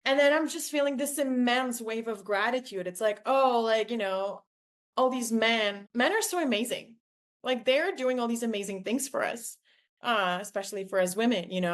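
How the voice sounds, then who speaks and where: A woman's voice: a little high, normal speed. A young woman hosting her podcast, telling a personal story in an effusive way, with lots of "like" and acted-out quotes. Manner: effusive, heavy use of "like", acts out quoted voices. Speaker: podcast host.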